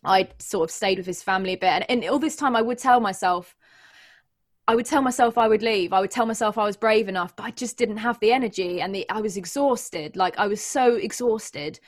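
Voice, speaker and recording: A woman's voice: mid-range voice, a little fast. A young woman, a guest giving an earnest, emotional personal account with frequent restarts. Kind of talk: candid personal account in conversation.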